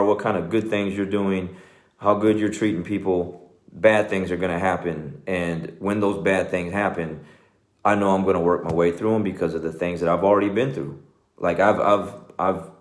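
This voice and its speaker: Middle-aged Texan man, deep voice, earnest coach giving a motivational talk, recorded in a reverberant room. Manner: earnest, conversational, says "man" and "okay" often. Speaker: jiu-jitsu coach, show host.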